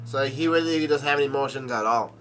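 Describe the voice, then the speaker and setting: A man casually reading through a comic chapter aloud with his own comments, halting, with many fillers, restarts and coughs. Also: mid-range voice, a bit bright. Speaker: comic reader.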